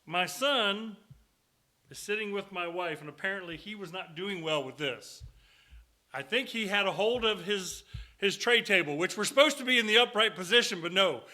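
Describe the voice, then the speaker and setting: Guy preaching, middle-aged, kinda high bright voice, folksy jokey storyteller in church. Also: lively intonation, normal speed. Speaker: guest preacher. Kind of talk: sermon with storytelling. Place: church sanctuary.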